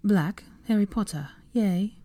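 A woman voicing an eager, bookish young witch in a fan-fiction audiobook, earnest and quick to sympathize. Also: medium pitch, mellow, voice pushed up, close to an everyday voice. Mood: reading.

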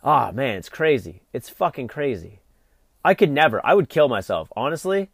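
A man's voice: medium pitch, sing-song, moderate pace, husky, no echo, studio quality. A young adult man hosting a vlog, delivering an exasperated, profane solo rant full of fillers. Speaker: vlog host.

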